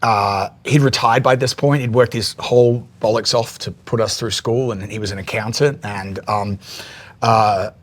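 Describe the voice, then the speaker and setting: A man's voice: on the low side, fairly even intonation, normal speed. Australian man telling a story candidly. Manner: restarts and repeats words, swears freely. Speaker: guest.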